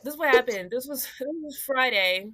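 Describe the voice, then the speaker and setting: A young woman co-hosting a podcast, telling animated stories with frequent laughter and swearing. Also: high-pitched, fairly quick, no echo. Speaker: podcast co-host. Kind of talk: casual chat.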